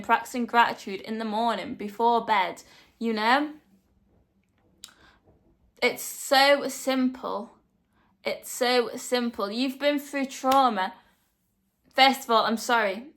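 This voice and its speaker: In her motivational vlog, a young woman addresses viewers with earnest directness, hammering points through repetition. Her voice runs on the high side, pushed and bright.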